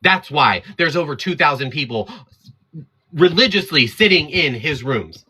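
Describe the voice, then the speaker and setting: Fired-up bright-voiced man ranting on a livestream. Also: on the high side, lively intonation, measured pace, slightly rough. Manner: defiant, fired up, talks straight at the chat. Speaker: livestream host. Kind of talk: heated livestream rant to chat.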